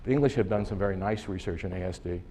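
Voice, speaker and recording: A man's voice: sits low, fast talker, warm tone, a little hiss or hum. Emphatic, sarcastic male lecturer. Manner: emphatic, sarcastic, rhetorical questions. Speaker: conference speaker. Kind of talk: lecture presentation. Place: conference hall.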